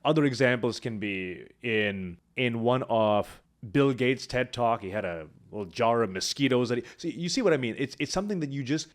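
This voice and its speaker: A man teaching public speaking, talking to camera with lively swings between high energy and quiet, hushed moments. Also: moderate pace. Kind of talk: instructional talk to camera.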